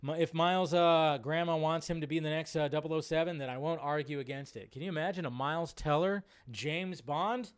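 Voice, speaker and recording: Man, live-stream host, casual rambling chat, slightly high voice, smooth and clear. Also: fairly quick, few pauses. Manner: rambling, self-interrupting, reads viewer questions aloud.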